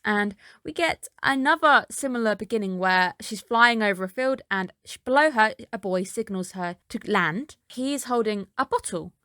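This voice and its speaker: A woman's voice: a little high, pushed and bright, no echo, clean studio sound. A woman reviewing an anime episode in a casual recap, chatty and dropping skeptical asides.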